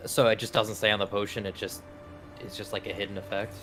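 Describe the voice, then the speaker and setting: Man, low voice, fast talker, gravelly, questioning, voice chat, loud game music. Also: little pitch movement. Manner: asks questions about game mechanics. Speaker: raid member. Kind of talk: casual voice chat during a game raid.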